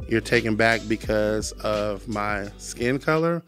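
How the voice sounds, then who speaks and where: A man's voice: on the low side, takes it slowly, a bit bright, faint music behind. A man sharing his personal testimony as a podcast guest. He speaks earnestly, repeats phrases for emphasis and quotes scripture like a preacher.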